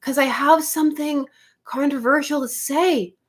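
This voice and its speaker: A woman's voice: sits high, a little slow. A young woman hosting a casual comics livestream, chatting with viewers and laughing often. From Canada. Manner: animated, giggly, chatty with viewers.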